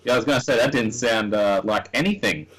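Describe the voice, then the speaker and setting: A man's voice: mid-range voice, quick pace, a bit bright, slightly rough. A man co-hosting a comedic game show, dry and teasing in his banter. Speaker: co-host.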